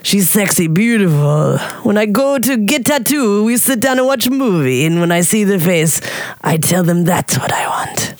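A woman voicing a shy, smitten older man in a put-on Russian accent, speaking in halting, earnest broken English. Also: mid-range voice, lively intonation, no echo, lightly acted. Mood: wistful. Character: older male tattoo fan, shy and smitten.

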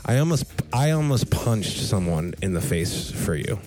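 A man from New Hampshire telling a story in casual chat with heavy swearing and lively impressions. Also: fairly low pitch, normal speed, music in the background. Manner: profane, animated storyteller.

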